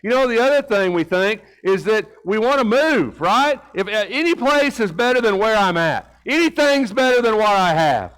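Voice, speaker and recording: Very animated and barely pausing, a middle-aged man preaches in a church sanctuary at normal speed, his high voice clear, resonant and a bit bright. The sermon is folksy and conversational, with rhetorical questions, a personal story and repeated words, captured on a rough recording.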